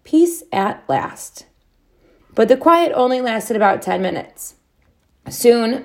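A woman reading a children's chapter book aloud, with expressive, drawn-out storybook delivery. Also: medium pitch.

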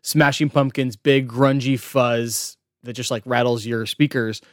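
A man chats on a music podcast, eager and explanatory, piling up loose fillers as he works through technical points. His voice sits at an ordinary middle pitch. It is recorded dry and close on a home mic. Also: fairly even intonation, measured pace, no echo. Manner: enthusiastic, explains technical audio detail with many fillers. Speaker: podcast co-host. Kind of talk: casual music podcast chat.

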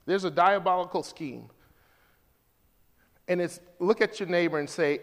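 A male pastor preaching a sermon to his congregation, swinging from hushed lines to loud, high calls. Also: measured pace, in a large hall.

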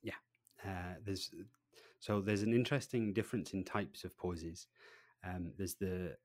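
A man with a fairly low voice speaks as an interview guest. He talks with lively energy, dropping to near quiet and then jumping up loud as he acts out little scenes. The sound is dry and close to the mic. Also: measured pace, no room sound. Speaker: presentation trainer, guest. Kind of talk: animated podcast interview.

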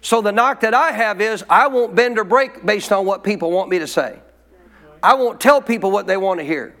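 A man's voice: high-pitched, lively intonation, moderate pace, fairly bright tone. A man preaching a sermon in an emphatic way, repeating his points and calling for amens from the congregation.

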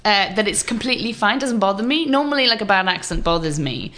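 A woman in a casual film discussion, opinionated and quick to laugh. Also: medium pitch, expressive, pushed and bright.

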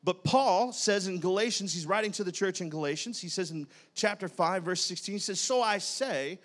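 A male pastor preaching and telling a story in an animated, dramatic way. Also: sits high, normal speed. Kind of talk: sermon with personal storytelling.

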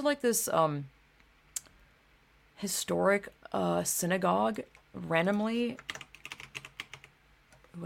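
A young woman hosting a casual livestream, speaking in a low, gravelly voice. She rambles, swears freely, and fills her pauses with ums and likes, like someone talking at her desk mic. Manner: rambling, profane, filler-heavy. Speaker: livestream host.

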